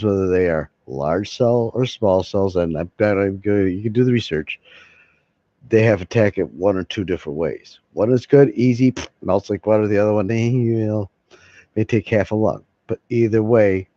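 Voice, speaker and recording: A man's voice: fairly low pitch, normal speed, dark tone, dry recording. A man rambling casually to his viewers, swearing freely and chuckling between thoughts. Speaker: vlogger. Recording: dull lo-fi sound.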